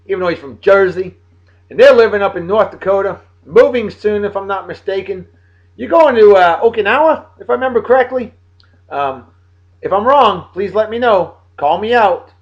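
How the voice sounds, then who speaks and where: A man in his late thirties from Massachusetts, hosting a casual video blog and giving playful, hearty birthday shout-outs to friends. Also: sits high, highs cut off. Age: late 30s.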